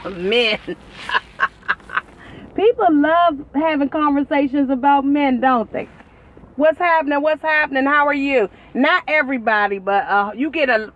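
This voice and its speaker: Woman, high voice, casual livestream host, talks from her car on a phone. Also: fairly bright tone. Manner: chatty, greets viewers by name, laughs often. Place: outdoors in a parked car in a shopping center.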